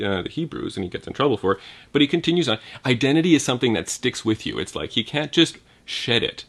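A man's voice: medium pitch, a bit bright. A man giving an informal Bible teaching, thinking aloud with restarts and asking his listeners "right?".

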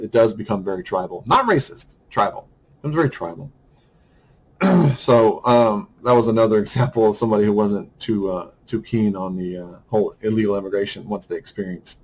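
A man's voice: on the low side, a little hiss or hum, poor audio. A man talking through a casual podcast monologue, rambling, with many restarts and fillers.

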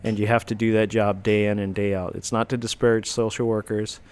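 A man's voice: fairly low pitch, little pitch movement, a little fast, a little mellow, smooth. A middle-aged man hosting a talk show, reading out rules in a dry, joking way. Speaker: host. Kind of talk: casual talk show banter.

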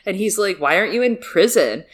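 A woman co-hosting a casual book-discussion podcast, animated and joking, swearing freely. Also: mid-range voice, fairly quick. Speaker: podcast co-host.

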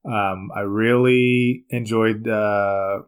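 A man's voice: on the low side, fairly even intonation, drawn-out words, clear, resonant tone. A man co-hosting a casual podcast, giving his opinions hesitantly and searching for words. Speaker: podcast co-host. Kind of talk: casual chat.

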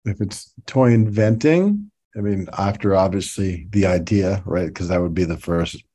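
A man as a podcast guest, telling stories in a relaxed way with laughs and fillers. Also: low-pitched, normal speed, husky. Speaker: podcast guest, toy designer. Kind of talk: casual interview.

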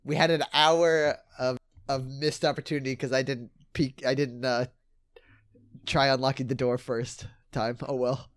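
A man playing a tabletop game talks through his moves in a halting way, full of fillers. His voice sits at a middle pitch. There is a dry, close sound with no room echo. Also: flat delivery, smooth. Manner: halting, hesitant with many fillers. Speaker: player. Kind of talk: casual tabletop play.

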